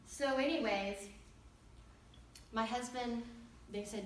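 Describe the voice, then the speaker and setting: A woman speaking at a women's ministry event, telling a personal testimony in an animated storytelling way and acting out the dialogue. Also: mid-range voice, unhurried, a little hiss or hum. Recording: echoey hall, distant mic.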